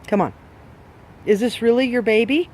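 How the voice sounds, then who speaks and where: A man with a notably high voice lectures dog owners in a blunt, scolding tone, firing off rhetorical questions. He talks as a trainer driving home a point. A faint hum of background noise sits under his voice. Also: moderate pace. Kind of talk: direct advice talk to dog owners.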